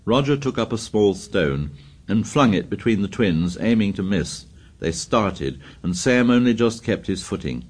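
Man, low voice, audiobook narration, measured and steady. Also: slightly rough. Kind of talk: scripted narration.

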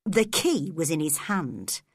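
Woman storybook narrator, slow and clear, bright tone, lively pitch. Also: no echo, clean studio sound. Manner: clear, measured and expressive. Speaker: audiobook narrator.

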